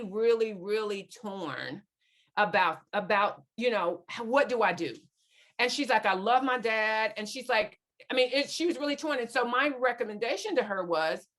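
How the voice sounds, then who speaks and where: A woman's voice: medium pitch, fairly bright tone. A woman speaking earnestly to a parents' group, retelling conversations with students and quoting them at length. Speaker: guest speaker on parenting teens. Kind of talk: storytelling talk to a parents' group.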